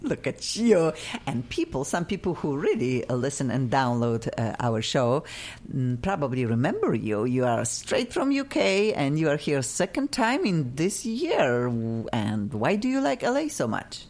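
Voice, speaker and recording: Woman, radio host, low voice, lively pitch, effusive, studio. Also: a little slow. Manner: effusive, animated, playful. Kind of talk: casual radio chat.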